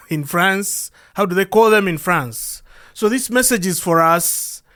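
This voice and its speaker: A man from the Democratic Republic of the Congo speaks with a Congolese accent, hosting his podcast as a loose solo monologue. His voice sits high for a man, and he rambles earnestly, often stopping to ask himself questions. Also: animated, slow, bright, forceful tone. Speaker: podcast host. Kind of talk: casual monologue.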